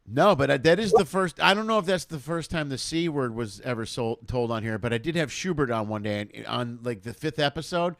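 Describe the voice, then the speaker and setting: A man's voice: medium pitch, expressive, brisk, hardly any pauses, no echo, clean studio sound. A man from South Side Chicago hosting a live comedy talk stream, chatting casually, joking and laughing often. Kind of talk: casual chat.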